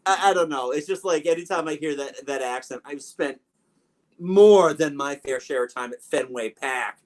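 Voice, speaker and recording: A man's voice: a little high, moderate pace. A man co-hosting a movie podcast in casual chat, rambling and joking through long asides. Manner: rambling, jokey, trails into asides. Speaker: podcast co-host.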